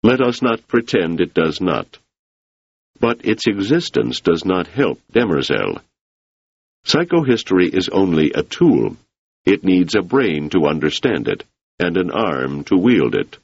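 Joranum: a man doing a pushy, driven politician, husky and gravelly, a bit higher than the reader's own low voice. Dull, dry studio sound. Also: big pitch swings, unhurried, no room sound, full character voice. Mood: insistent. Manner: insistent, urging. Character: ambitious, intense male politician, persuasive and forceful.

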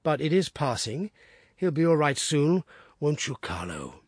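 A man voicing an anxious, earnest country gentleman who talks in a pleading, heartfelt way. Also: on the high side, very animated, a little slow, husky, dry recording, studio quality, exaggerated voice.

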